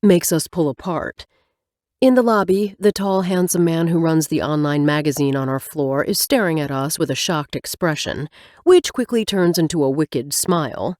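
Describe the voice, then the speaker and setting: A woman narrating a romance audiobook in first person, expressive with wry asides. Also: sits low, moderate pace, no room sound, clean studio sound.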